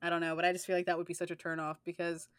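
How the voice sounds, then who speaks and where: A woman's voice: on the low side, completely flat delivery, very fast, a bit bright, clear, resonant tone, dry recording, studio quality. A young woman co-hosting a podcast, talking in a rambling way with many filler words. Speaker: podcast co-host. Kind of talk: casual chat.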